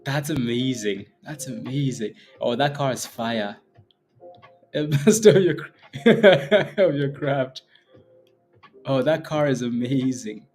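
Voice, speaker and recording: Slow-talking man hosting a trading stream. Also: mid-range voice, a little mellow, soft background music. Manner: playful, laughs often, greets chat viewers by name. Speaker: day-trading livestream host. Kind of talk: casual livestream chat with viewers.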